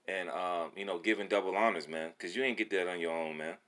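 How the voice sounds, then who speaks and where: A man preaching casually and excitedly with streetwise slang and frequent swearing, reading scripture between remarks. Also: sits low, a little fast, hardly any pauses. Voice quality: profane, slangy speech. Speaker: religious video presenter. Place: Atlanta.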